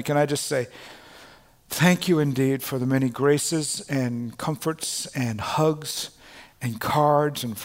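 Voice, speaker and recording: A middle-aged male pastor preaching a sermon in a church. He is earnest and moves between loud proclamation and quiet, personal asides. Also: medium pitch. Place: church sanctuary. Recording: long reverb of a large hall.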